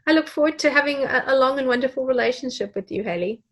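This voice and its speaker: A woman's voice: high voice, quick pace. A woman hosting an interview podcast from Sydney, gushing and effusive with thanks to her guest over a video call. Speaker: podcast host.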